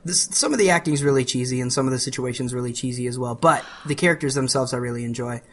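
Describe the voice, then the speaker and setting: A man's voice: medium pitch, fast, a bit bright. Guy on a podcast just chatting, rambles, restarts his sentences a lot. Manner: rambling, restarts phrases often. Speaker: podcast co-host. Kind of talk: casual chat.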